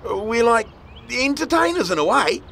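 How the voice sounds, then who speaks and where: A man's voice: extremely high pitch, very animated, moderate pace, creaky, pushed and bright, a little hiss or hum, pitched above the performer's own voice, heavily acted. A man voicing a bossy young girl in a witch costume who likes to take charge of her group of friends.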